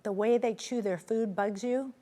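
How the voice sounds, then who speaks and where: A middle-aged woman talks as an interview guest, her voice sitting a little high. She tells her own story with lots of energy, and her pitch leaps when she acts out quoted lines. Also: moderate pace. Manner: expressive, acts out quoted dialogue with pitch jumps. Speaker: interview guest, menopause advocate. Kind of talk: animated conversational interview.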